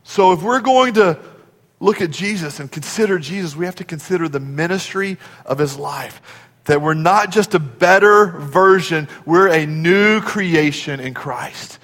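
High-voiced pastor preaching in a reverberant church. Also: male voice, animated, a little slow. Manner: dynamic, swinging from shouts to whispers; urges the congregation to respond. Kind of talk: sermon. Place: church sanctuary.

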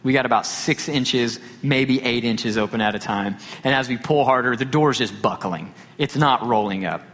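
A man's voice: medium pitch, normal speed. Man preaching in a reverberant hall. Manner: storytelling, animated retelling with quoted dialogue. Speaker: pastor. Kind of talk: sermon.

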